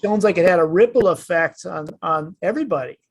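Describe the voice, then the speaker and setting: A man hosting an interview, affirming his guest and explaining calmly. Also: high-pitched, brisk. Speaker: host. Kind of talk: reflective interview talk.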